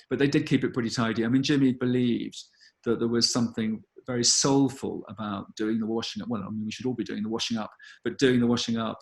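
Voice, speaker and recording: A man, a gallery director answering audience questions in an earnest, thoughtful way with many pauses and ums. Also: on the low side, vocal fry. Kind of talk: live online Q&A talk.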